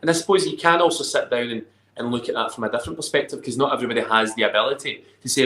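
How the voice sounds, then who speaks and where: A man's voice: medium pitch, very fast, pushed and bright. A man in a casual chat giving thoughtful advice about connection and honesty. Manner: reflective, gives advice. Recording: echoey room.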